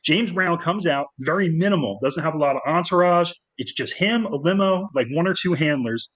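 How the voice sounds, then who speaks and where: A middle-aged man telling rambling, animated anecdotes as a guest in a casual interview, full of fillers and restarts. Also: on the high side, normal speed, rough recording. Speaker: guest filmmaker.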